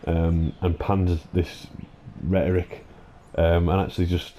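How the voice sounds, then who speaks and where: A man's voice: low-pitched, little pitch movement, warm tone, a little hiss or hum. Exasperated sweary man ranting. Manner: exasperated, sweary, halting with many fillers and restarts. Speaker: gaming channel host. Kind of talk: ranting commentary over gameplay.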